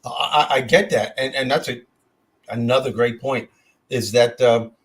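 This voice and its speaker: A man's voice: mid-range voice, little pitch movement, normal speed, breathy edge. An older man hosting a podcast, telling personal stories in a heartfelt way and often repeating his words as he goes. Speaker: podcast host. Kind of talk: casual chat, personal storytelling.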